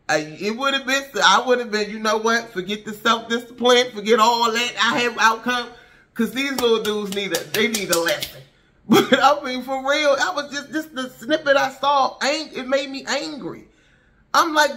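A woman's voice: fairly high pitch, normal speed, sharp tone. A woman vlogger giving a fired-up, blunt monologue full of rhetorical questions and slangy asides. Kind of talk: impassioned casual commentary monologue.

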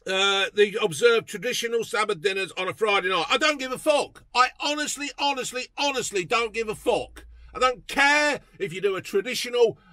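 Angry high-voiced man ranting. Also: fairly quick, few pauses, sharp tone, no echo. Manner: angry, sweary, mocking. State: fuming. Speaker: political vlogger. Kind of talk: profane ranting commentary.

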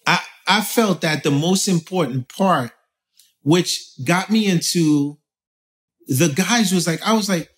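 A man from Haiti talking as an interview guest, telling stories in a loose, animated way with lots of fillers. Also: high voice, takes it slowly. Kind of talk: casual conversation.

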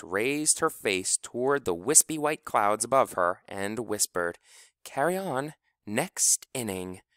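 A male audiobook narrator with a fairly low, smooth, resonant voice. He reads with lively, rising and falling expression, close to the mic in a dry room. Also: no room sound. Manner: lively storytelling, acts out characters. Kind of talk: scripted narration.

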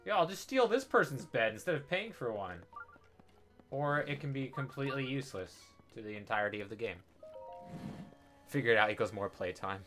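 A man's voice: mid-range voice, animated, brisk, fairly bright tone, soft background music. A young man giving casual, joking commentary over his game playthrough, sarcastic and profane. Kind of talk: casual let's-play commentary.

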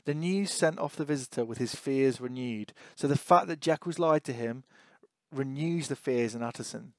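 A man's voice: medium pitch, normal speed, no echo. A man reads passages of a novel and breaks off to annotate them for students. His commentary is loose and thinking-aloud, full of fillers and rhetorical questions. The recording is close and dry, with no room sound. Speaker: English teacher.

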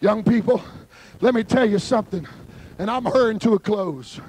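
A man preaching a fervent Pentecostal sermon at a youth camp service and shouting in bursts. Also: high-pitched, normal speed, a little hiss or hum.

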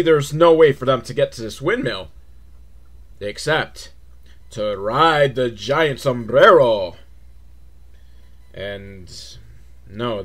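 A man recapping a kids' movie in a sarcastic, rambling way, with loud outbursts and mumbled asides. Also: mid-range voice. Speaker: movie reviewer.

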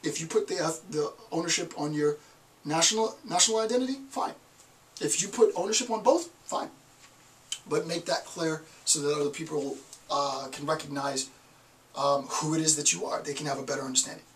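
A man delivers an online lecture with a somewhat high voice. He poses rhetorical questions and answers them with emphasis. He sits a little away from the microphone. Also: brisk, a bit bright, far from the mic, slight background noise, low-quality recording. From United States.

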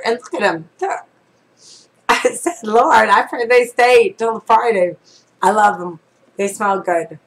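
A woman's voice: mid-range voice, a bit bright, poor audio. A woman prophetess preaching on a live stream, reading scripture earnestly and then talking in a chatty, conversational way with asides and prayers. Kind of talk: casual devotional talk with reading and prayer.

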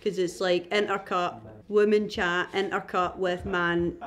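A woman's voice: lowish voice, flat delivery, a little slow, fairly bright tone. Young Scottish woman, podcast guest, chatty, laughs easily, acts out anecdotes. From Scotland. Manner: chatty storyteller, laughs often, acts out voices. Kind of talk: casual chat.

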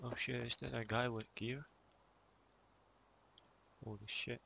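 A man's voice: mid-range voice, little pitch movement, slow pace, vocal fry, bright, forceful tone. A man giving frantic, swearing, sarcastic live commentary while playing a video game. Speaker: gaming video creator. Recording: noisy game audio behind.

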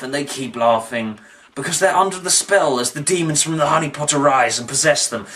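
A man's voice: on the high side, a bit bright, recorded from a distance. A man giving a comic video review in a mock-dramatic way, breaking into exaggerated outbursts. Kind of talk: comic commentary.

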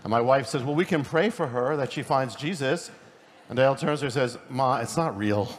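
A middle-aged man preaching at a conference in a quick, conversational way, often restarting his sentences. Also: medium pitch. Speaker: pastor and speaker. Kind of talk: conference sermon. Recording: long hall reverb, faint noise.

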